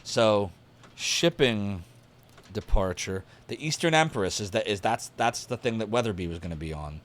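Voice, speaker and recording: A low-pitched man with a lively, swinging delivery, casually streaming a mystery game. He reads the in-game articles aloud, then muses to himself in a chatty, thinking-out-loud way as he writes down clues. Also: normal speed. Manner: chatty, thinks aloud while taking notes. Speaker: streamer playing a detective game. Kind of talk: casual live-stream commentary, reading game text aloud.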